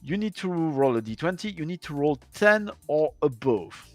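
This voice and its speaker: A man's voice: fairly high pitch, very animated, normal speed, dry recording, soft background music. A man acting as game master, prompting players with questions and calling for dice rolls. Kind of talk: running a tabletop game.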